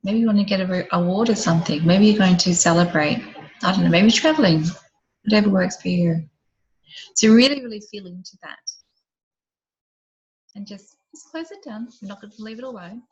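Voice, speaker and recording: Woman softly guiding a visualization, lo-fi. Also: medium pitch, brisk, long pauses. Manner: gentle guiding questions, often dropping soft and quiet. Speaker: program facilitator. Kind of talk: online group session with guided visualization.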